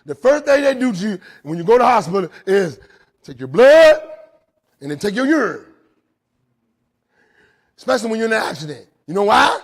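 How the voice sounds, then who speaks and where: A man telling his recovery story to a live audience in a jail, animated, swinging between loud and quiet and often checking in with "right?". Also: high voice, moderate pace, long pauses. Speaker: recovery speaker. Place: jail, indoors.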